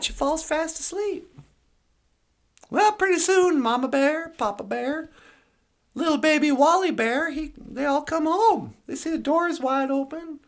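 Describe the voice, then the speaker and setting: Woman, podcast co-host, playful, rambling, casual storytelling, high voice. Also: a little slow.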